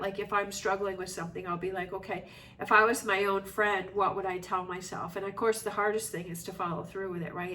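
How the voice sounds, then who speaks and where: A woman's voice: mid-range voice, a bit bright. Woman tarot reader, reassuring and reflective, a little off-mic with faint hiss. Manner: reflective, reassuring, rambling with many fillers. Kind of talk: casual tarot reading monologue. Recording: slightly distant mic with faint noise.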